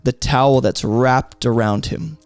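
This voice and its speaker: A man's voice: medium pitch, measured pace, clear, resonant tone, dry recording. A man teaching through a Bible passage in an emphatic, explanatory way, often asking rhetorical questions.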